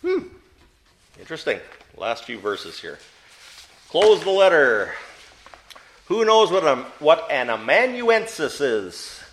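A man leads a Bible study in a rather high voice that rises and falls with lively expression. He keeps asking the group questions and then answering them himself. He leans hard on the words he wants to stress. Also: takes it slowly, long pauses. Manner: emphatic, stresses key words. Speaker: Bible teacher. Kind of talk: interactive Bible study teaching.

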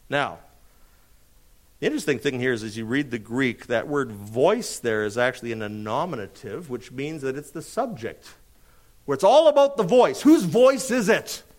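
A man preaching an expository sermon, emphatic, posing rhetorical questions and answering them, slowing down dramatically on key phrases. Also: mid-range voice.

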